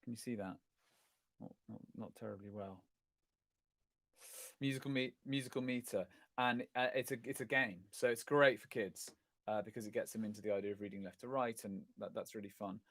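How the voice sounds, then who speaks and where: A man's voice: on the low side, brisk, fairly bright tone, no echo. A middle-aged man hosts a casual livestream chat, answering viewer questions in a rambling, self-correcting, self-deprecating way. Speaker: host of a live chat stream.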